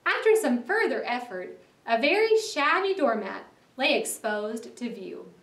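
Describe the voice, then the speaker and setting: A woman teacher reading a story aloud for a class in an expressive way, stopping to explain words. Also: fairly high pitch, unhurried, echoey room, recorded from a distance. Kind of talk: read-aloud lesson narration.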